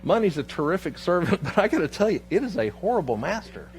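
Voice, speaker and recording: A man preaching a sermon as pastor, telling a personal story with lively quoted dialogue before turning to scripture. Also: high voice, fast, a little hiss or hum. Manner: storytelling, animated, quoting others in his anecdotes. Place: church sanctuary.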